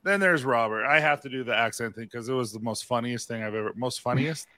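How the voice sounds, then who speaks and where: A man chatting as a podcast guest, lively and laughing as he tells a funny story. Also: mid-range voice, quick pace. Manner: lively, laughing, mimics others. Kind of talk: casual chat.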